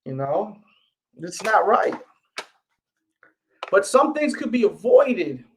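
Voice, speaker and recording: Man with a New York accent, a fairly high voice, casual livestream host who speaks straight to viewers and keeps repeating his points. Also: very animated, slow pace, a little hiss or hum. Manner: talks straight to viewers, repeats himself, pleading. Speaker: sneaker channel host.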